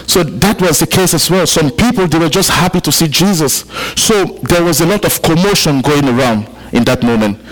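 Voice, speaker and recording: A man's voice: on the high side, animated, moderate pace, hardly any pauses, low-quality recording. A man from Africa preaching a sermon to a congregation, repeating key points for emphasis and chatting with the listeners. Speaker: pastor. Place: church service.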